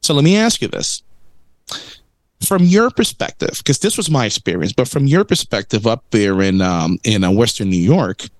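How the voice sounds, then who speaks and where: A man's voice: medium pitch, normal speed, no room sound. A man chatting casually, telling a story and acting out the other people in it. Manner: animated storyteller, acts out quotes. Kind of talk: casual chat.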